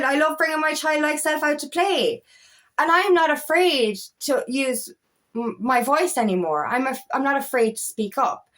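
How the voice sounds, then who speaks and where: A woman's voice: on the high side, a bit bright. A woman coaching on relationships, talking candidly and emphatically and swearing freely. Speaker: feminine empowerment coach. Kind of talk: casual motivational talk to camera.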